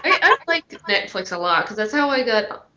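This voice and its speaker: A woman co-hosts a casual podcast, chatty and keen to explain. Her voice is bright and forward. The audio is dull and lo-fi. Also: medium pitch, big pitch swings, moderate pace, slight background noise. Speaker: podcast co-host. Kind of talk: casual chat.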